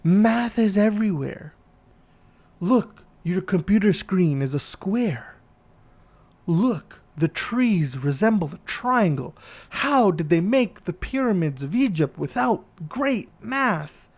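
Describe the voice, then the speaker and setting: A man's voice: high voice, animated, slow, darkish tone, exaggerated voice. A man doing his male math teacher, who lectures earnestly about math being everywhere.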